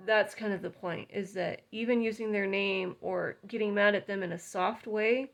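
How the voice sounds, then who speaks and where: An earnest woman in her thirties talks casually to her viewers, full of fillers and restarts. Her mid-pitched voice carries a gravelly fry. Now and then she breaks into loud acted exclamations. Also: fairly even intonation, normal speed. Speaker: dog breeder. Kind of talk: casual talk to camera.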